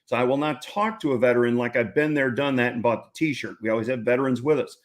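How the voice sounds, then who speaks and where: A man's voice: medium pitch, fast. A man, a ranch founder telling a story as an interview guest in a folksy, jokey way. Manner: folksy, jokey, laughs often.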